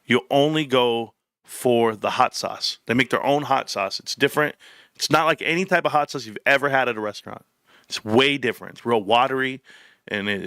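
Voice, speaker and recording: Guy on a live stream telling a story all fired up, gravelly bright voice, dry close mic. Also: mid-range voice, dry recording. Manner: animated storyteller, slangy and emphatic. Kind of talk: casual live-stream chat.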